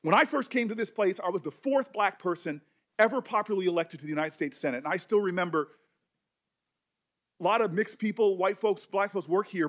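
A middle-aged man, a senator, speaking with emotion and passion at a hearing, often restarting his words. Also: sits high. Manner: emotional, impassioned, halting restarts. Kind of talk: speech at a hearing.

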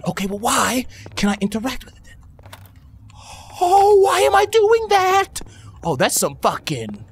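A young man doing profane, excitable horror game commentary, reading game text aloud and shouting when scared. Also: sits high, slightly rough. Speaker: gaming YouTuber.

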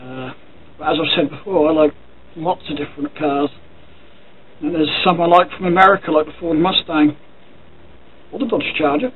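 A man's voice: fairly high pitch, normal speed, pauses often. An English man vlogging casually, thinking aloud as he goes and swearing now and then. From England. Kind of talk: casual talking to camera. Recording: tinny phone-like sound with faint noise.

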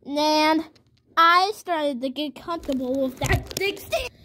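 A woman voicing a small, naive, earnest baby toy in a homemade toy story, telling its tale in a rambling, halting way with many restarts. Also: high voice, bright, forceful tone, slight background noise, exaggerated voice. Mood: plain.

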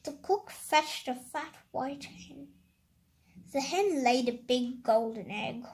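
A child reading a picture book aloud, slowly and carefully, stopping to describe the pictures. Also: high voice, lively intonation. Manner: slow careful reading, halting comments. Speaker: story reader.

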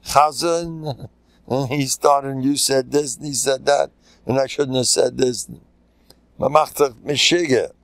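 Older man from the USA, a rabbi teaching with wisecracks and Yiddish asides, mid-pitched voice, dry close recording. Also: measured pace, dry recording, low-quality recording. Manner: joking, animated, full of Yiddish and Hebrew terms. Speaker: rabbi giving a class. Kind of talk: informal Torah lecture.

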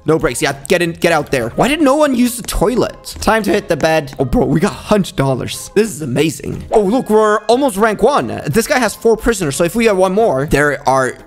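A lively man narrates his game in an animated, sing-song voice that climbs high whenever things go wrong. He plays up a bossy cop act with quick jokes. Faint game music runs behind him. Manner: excitable, jumps into high yelps when panicking; jokingly acts as a bossy prison cop. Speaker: gaming video host. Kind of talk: playful let's-play commentary.

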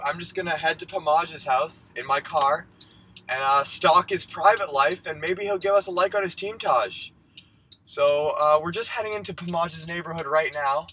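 A man doing a comic parody vlog skit, talking mock-serious and getting hyper, sometimes shouting. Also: a little high, a little hiss or hum, poor audio. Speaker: parody vlogger.

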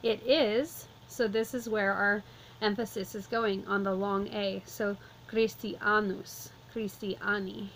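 A woman walking through a vocabulary lesson, explaining calmly and methodically, step by step. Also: medium pitch, unhurried, a little hiss or hum, low-quality recording. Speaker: Latin teacher.

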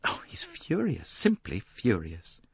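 A man's voice: a little high, very animated, normal speed, husky, no room sound, pitched above the performer's own voice, full character voice. A man reading an audiobook voices a proud, defensive rich young English woman, clipped and indignant. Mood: pleading.

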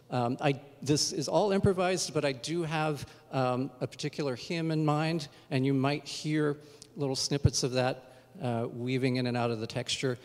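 Relaxed male organist addressing a recital crowd; easygoing, halting delivery, mid voice ringing in a reverberant church. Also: mid-range voice. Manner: relaxed, chatty, frequent ums and uhs. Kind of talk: casual spoken introduction to the audience. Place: church sanctuary. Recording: long church reverb, voice heard from afar.

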